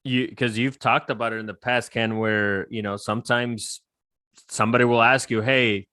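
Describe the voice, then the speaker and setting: A man's voice: medium pitch, steady tone, moderate pace, pushed and bright, no room sound, clean studio sound. A man hosting a podcast interview, earnestly sharing motivational views and asking long questions. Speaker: podcast host. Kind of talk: interview host, casual conversation.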